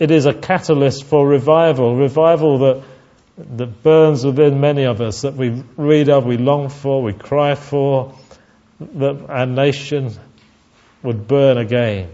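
An earnest man preaching a sermon, pitched at a middling level for a man. He falters and repeats words as he speaks. The recording sounds dull and lo-fi. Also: mellow.

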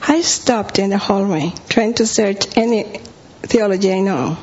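In a gravelly, husky, darkish mid-range voice, a woman delivers sermon storytelling, vividly quoting and acting out her own earlier lines. She is expressive, keeps a measured pace with few pauses, and the lo-fi recording sounds dull with a faint hum.

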